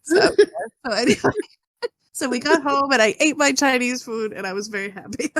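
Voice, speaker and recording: Casting: rambling, chatty female podcast co-host, slightly high voice, dry close sound. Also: expressive, moderate pace, fairly bright tone, no echo. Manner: rambling storyteller, full of "like". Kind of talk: casual chat.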